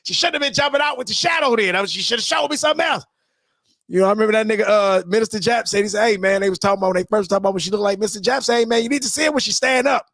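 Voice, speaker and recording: A man hosting a live stream, ranting and joking in a loud, profane, laughing way that breaks into shouted bits. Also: extremely high pitch, dry recording, clean studio sound. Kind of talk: loud comedic rant.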